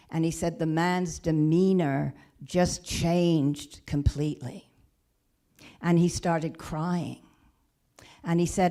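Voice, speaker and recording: A woman minister tells a story from the pulpit in a low voice, taking her time. She speaks gently and haltingly, often restarting her phrases. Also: fairly even intonation. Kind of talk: storytelling sermon. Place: church or spiritual center.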